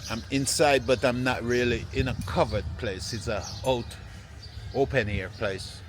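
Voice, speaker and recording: A man, vlogging casually while walking through an open-air plant nursery with a handheld phone, relaxed and repeating "yeah, man" often. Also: medium pitch, a little slow, background noise. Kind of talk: casual walking vlog to camera.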